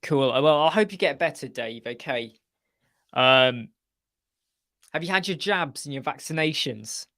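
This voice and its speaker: A man's voice: a little high, lively intonation, measured pace, long pauses, bright, forceful tone, no room sound, studio quality. A man hosting a casual live web chat, answering viewers by name in a chatty, joking way. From United Kingdom.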